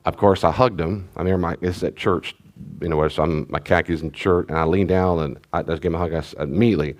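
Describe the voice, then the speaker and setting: A man's voice: sits low, fairly even intonation, fast. A middle-aged man, a pastor, teaching in a conversational, rambling way with restarts and asides. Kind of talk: sermon-style teaching talk.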